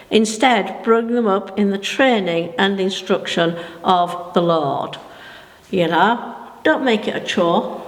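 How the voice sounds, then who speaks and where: An older woman, giving a sermon in a slow, chatty, folksy way with asides to her listeners. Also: medium pitch. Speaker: preacher. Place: church hall. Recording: echoey hall with long reverb.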